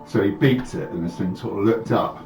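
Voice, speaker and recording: Low-voiced man telling an anecdote. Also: a little fast, a little mellow. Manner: anecdotal, hesitant. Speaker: player. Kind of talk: casual storytelling. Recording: roomy distant mic with music.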